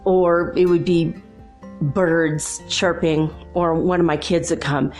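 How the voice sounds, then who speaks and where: A woman hosting a spiritual talk show, telling a personal story in a chatty, animated way and laughing often. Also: lowish voice, takes it slowly, faint music behind. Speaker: host.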